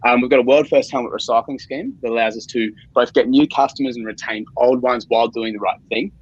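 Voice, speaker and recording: A man with an Australian accent giving a casual, upbeat startup pitch over a video call. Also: steady tone, quick pace, breathy edge, dry recording, muffled recording.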